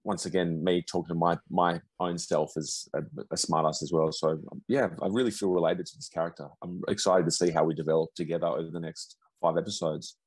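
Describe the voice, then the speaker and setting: A man's voice: low-pitched, fairly even intonation, brisk, hardly any pauses, slightly rough, dry recording, low-quality recording. A man who talks as a guest commentator on a casual podcast, rambling with many restarts and repeated agreement. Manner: rambling, lots of restarts and "yeah yeah". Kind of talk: casual chat.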